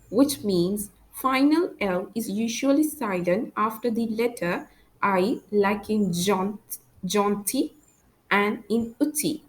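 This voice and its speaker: A woman's voice: medium pitch, takes it slowly, poor audio. A woman teaching a language lesson, saying example words carefully and then explaining them in English.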